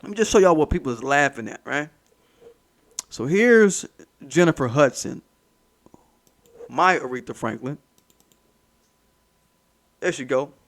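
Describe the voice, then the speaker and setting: A man's voice: on the high side, expressive, unhurried, pauses often, a bit bright. Heated, profane man ranting. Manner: profane, heated, mocking, repeats himself for emphasis. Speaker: commentary channel host. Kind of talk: ranting commentary vlog.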